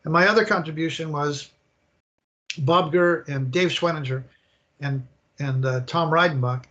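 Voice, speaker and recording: Older man, lively, a little high voice. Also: unhurried, muffled recording. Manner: animated, rambling storyteller who acts out scenes. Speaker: guest, attraction designer. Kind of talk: casual interview storytelling.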